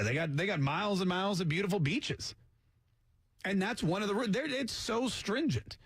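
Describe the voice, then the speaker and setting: A man's voice: sits high, breathy edge, no room sound. A man hosting a talk radio show, talking casually with sarcastic jokes and asides. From Canada. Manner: sarcastic, mocks accents with jokey asides. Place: radio studio.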